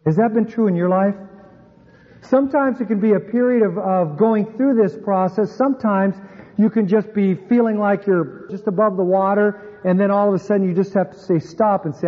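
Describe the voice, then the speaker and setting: A man with a high voice preaches a sermon earnestly, sinking his voice low to stress key points. The recording sounds dull and muffled. A long reverb trails behind him in the church sanctuary. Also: moderate pace. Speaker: pastor.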